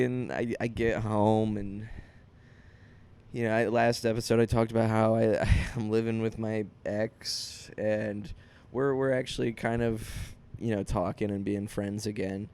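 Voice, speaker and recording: A man's voice: fairly low pitch, little pitch movement, unhurried, darkish tone, clear, resonant tone. A young man, a comedian hosting his podcast, telling a rambling, self-deprecating story in casual chat with many restarts.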